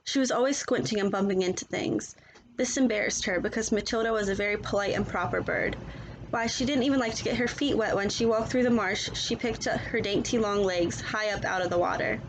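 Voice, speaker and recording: A woman reading a children's picture book aloud in a gentle, expressive storytelling manner. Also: medium pitch, brisk, vocal fry, noisy background.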